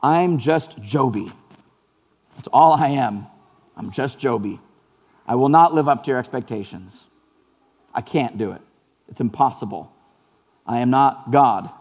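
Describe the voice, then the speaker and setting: A man's voice: mid-range voice, a little slow, pauses often, a little mellow, long reverb tail. A man preaching a sermon as pastor, earnest and conversational, repeating phrases for emphasis.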